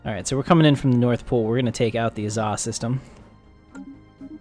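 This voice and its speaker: A man's voice: medium pitch, animated, fast, a little mellow, faint music behind. A man live-streaming a strategy game, chatting casually, joking and laughing often as he thinks aloud.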